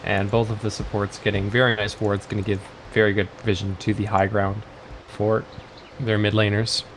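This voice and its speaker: A man's voice: on the low side, little pitch movement, moderate pace, a little hiss or hum. A man doing live color commentary on an esports match, explaining the teams' strategy and lane choices. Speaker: esports analyst.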